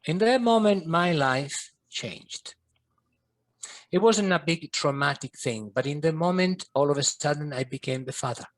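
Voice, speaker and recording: A man's voice: on the high side, a little slow. A middle-aged man, a podcast guest and coach, telling a personal story in an earnest, vivid way. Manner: earnest, vivid, slips in Italian and French phrases.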